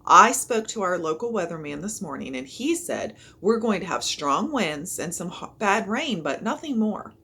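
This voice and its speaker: A woman's voice: fairly low pitch, sing-song, normal speed, few pauses, bright, forceful tone, a little hiss or hum, heavily acted. Woman reading a jolly, kindly policeman. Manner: kindly, dismissive.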